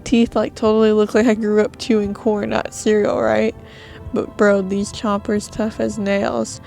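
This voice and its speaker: A woman's voice: mid-range voice, flat delivery, unhurried, gravelly, a little mellow, faint music behind. A woman reading a laid-back young male stoner's game dialogue aloud, with slangy, drawling surfer talk.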